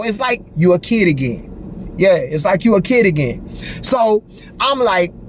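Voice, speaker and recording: A man with a high, lively voice tells a story in a casual monologue, leaning hard on street slang and profanity. His pitch swings widely, and he keeps asking the listener if they follow him. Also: a little hiss or hum. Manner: animated, profane street slang, repeats "you feel me". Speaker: vlogger telling a personal story.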